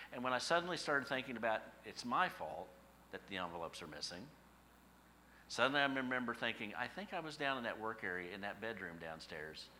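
A man's voice: on the low side, pushed and bright, a little hiss or hum. A middle-aged man, a pastor, preaching a sermon with folksy stories and rhetorical questions.

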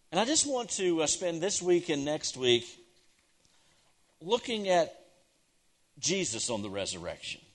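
A man preaching a sermon, swinging from loud, emphatic declarations down to hushed, near-whispered lines and repeating key phrases for effect. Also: mid-range voice. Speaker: pastor.

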